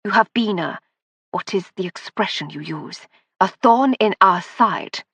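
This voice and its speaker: A woman's voice: medium pitch, animated, unhurried, a bit bright, slightly rough, no echo, highs cut off, heavily acted. Woman doing a sneering male spy. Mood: menacing. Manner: sneering, coldly polite. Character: arrogant German male spy, cold and mocking.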